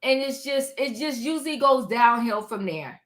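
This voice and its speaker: A woman giving casual commentary on a reality show, acting out quotes with lively, rising voices. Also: moderate pace. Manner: animated, acts out quotes with rising pitch. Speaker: reality show recap host.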